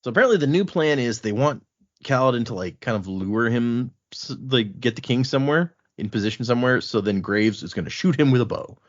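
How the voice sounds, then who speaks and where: A man hosting a casual podcast, retelling a book's chapters in an animated way and quoting the characters in a loose, conversational voice. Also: medium pitch, brisk. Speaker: podcast host recapping a book. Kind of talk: casual chat. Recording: dull lo-fi podcast audio.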